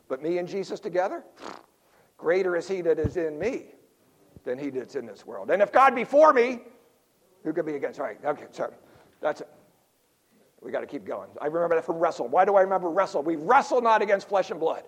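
Older pastor, high-pitched man, playful sermon style with quick jokes and hushed asides. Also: breathy edge. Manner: lively, jokey preaching with sudden drops to quiet asides.

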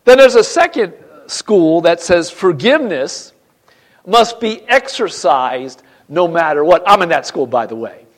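A man preaching a Sunday sermon in church, emphatic and swinging between loud and quiet, often repeating phrases. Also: sits high, lively intonation, unhurried. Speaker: pastor.

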